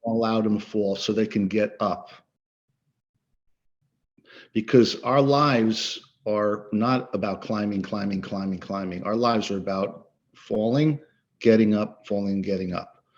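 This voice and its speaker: A man's voice: fairly low pitch, fairly even intonation, slow pace. A middle-aged man, a coach and guest speaker, talking earnestly and emphatically in an interview, often repeating words for stress. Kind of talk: interview conversation. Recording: slightly dull lo-fi audio.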